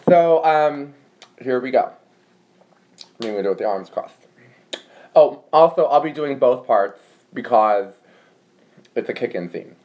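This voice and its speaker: A man's voice: medium pitch, expressive, measured pace, long pauses, a little mellow. A young man hosting a casual livestream, chatty and rambling with lots of filler words. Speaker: livestream host. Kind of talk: casual chat.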